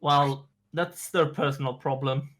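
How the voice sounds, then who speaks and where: A man's voice: medium pitch, steady tone, measured pace, fairly bright tone. A man playing a tabletop role-playing game, talking in a flippant, mock-panicked way. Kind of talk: casual in-character table talk.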